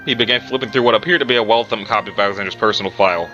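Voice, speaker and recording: A man's voice: on the low side, rapid-fire, hardly any pauses, pushed and bright. A man reading a story aloud casually, breaking off for chatty asides and correcting himself. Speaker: story reader. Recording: muffled recording with background music.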